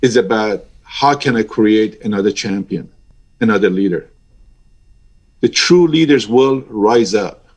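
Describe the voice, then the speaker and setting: A man's voice: fairly low pitch, measured pace, darkish tone. A man in his sixties, an airline pilot giving an interview, talking in a passionate and emphatic way that rises sharply when he gets stirred up. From Iran. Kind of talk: interview over a remote link.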